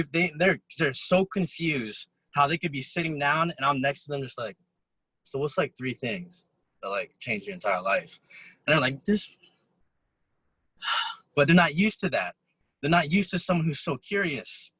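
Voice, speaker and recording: A man giving a motivational talk to a group, telling stories and acting out quotes of other people in an animated way. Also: on the high side, husky, no room sound, poor audio. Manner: animated storytelling, acts out quotes. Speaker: motivational speaker. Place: event room.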